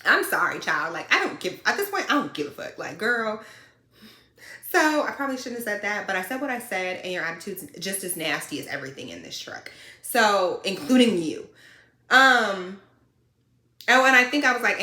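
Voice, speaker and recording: A woman truck driver telling a story in a casual, animated and sassy way. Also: medium pitch, a little fast. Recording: roomy echo.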